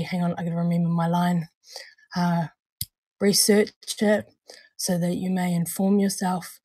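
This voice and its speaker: A woman with a New Zealand accent, co-hosting a show in casual chat, hoarse and unwell, rambling and laughing as she stumbles over words. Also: lowish voice, darkish tone, no room sound. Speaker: co-host of a vaping show.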